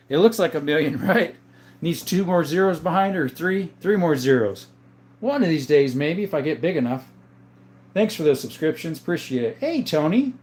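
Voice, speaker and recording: A man from southern Arizona hosting a livestream, reading viewer questions aloud and answering them in a relaxed, chatty way. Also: a little high. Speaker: livestream host answering chat. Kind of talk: casual live-chat talk.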